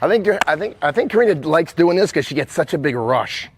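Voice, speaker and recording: A man coaching and interviewing a softball player, encouraging and rambling, with many restarts in his questions. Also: a little high, animated, quick pace, slight background noise.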